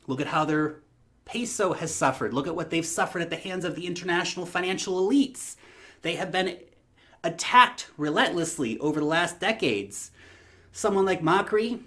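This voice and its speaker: Guy ranting on his vlog, pushy and rallying, kinda high pitched. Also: bright, forceful tone. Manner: emphatic, rallying, talks straight to viewers as "guys". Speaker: crypto vlogger. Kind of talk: opinionated vlog commentary.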